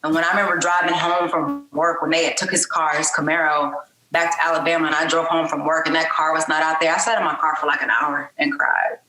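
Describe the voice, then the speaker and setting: Bright-voiced woman in a roomy space. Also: low voice, fairly even intonation, fast talker. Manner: open, conversational, frequent fillers. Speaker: podcast guest. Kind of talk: candid personal interview.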